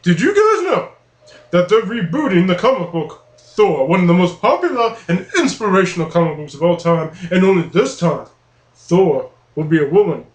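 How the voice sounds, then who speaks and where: A man's voice: sits high, very animated, moderate pace. A man joking around on a comedic podcast, goofy and provocative as he keeps derailing the topic. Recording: roomy echoey room.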